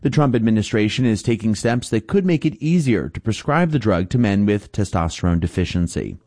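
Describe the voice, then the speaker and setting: A male radio reporter delivering a health news story in a measured way. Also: lowish voice, sing-song, darkish tone.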